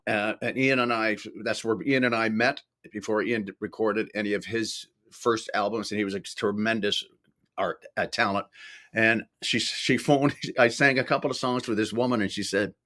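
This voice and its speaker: Older man from Ireland, lowish voice, rambling guest storyteller. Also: fairly bright tone. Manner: rambling anecdotes with laughs and acted-out quotes. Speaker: podcast guest. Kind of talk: casual storytelling.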